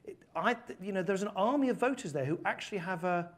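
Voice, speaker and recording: A fast-talking, high-voiced, animated middle-aged man from the United Kingdom speaks British English. He's a former politician appearing as a guest speaker, giving earnest answers to interview questions and spirited stories.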